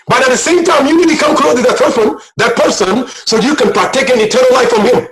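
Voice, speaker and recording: A man's voice: very high voice, rough recording. A man preaching a sermon as a guest speaker, impassioned and repetitive, at times near tears. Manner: impassioned, repetitive, rising to shouts.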